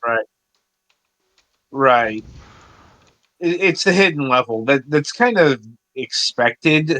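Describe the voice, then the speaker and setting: A man hosts a relaxed interview with a bright, clear voice of middle pitch. He eases into his questions in a loose, rambling way. The recording is close and dry. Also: slow pace, no echo. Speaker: podcast host. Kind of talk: casual interview chat.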